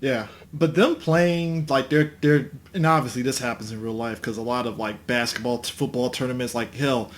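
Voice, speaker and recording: A man's voice: mid-range voice, steady tone, normal speed, hardly any pauses. A man co-hosting a casual podcast chat, laid back, mostly chiming in with short agreement before making his own points. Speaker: podcast co-host.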